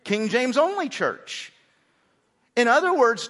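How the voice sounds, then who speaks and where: A man's voice: a little high, expressive, measured pace, bright, forceful tone. A man, a pastor, preaching a conversational sermon and often repeating words as he starts a sentence. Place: large church sanctuary. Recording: hall reverb.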